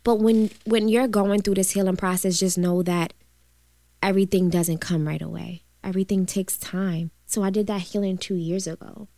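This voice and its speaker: A woman's voice: mid-range voice, fairly even intonation, normal speed, no echo. Earnest woman, dry close sound. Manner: earnest, pressing questions, softens when recounting. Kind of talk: emotional casual chat.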